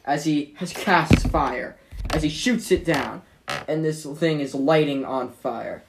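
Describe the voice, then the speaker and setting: A game master narrating a tabletop game in a rambling way, with many pauses and restarts. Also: medium pitch, background noise.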